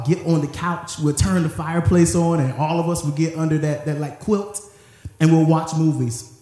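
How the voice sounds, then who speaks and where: A male pastor preaching in an animated call-and-response style, breaking into loose, joking asides. His voice sits a bit high with a mellow, warm tone. It carries through a very echoey church hall. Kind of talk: sermon. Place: church sanctuary.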